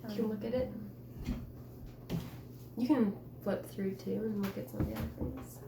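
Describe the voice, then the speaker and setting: A woman's voice: mid-range voice, steady tone, moderate pace, gravelly, roomy sound, background noise. A woman teacher guiding a writing conference, chatty and encouraging, with many fillers.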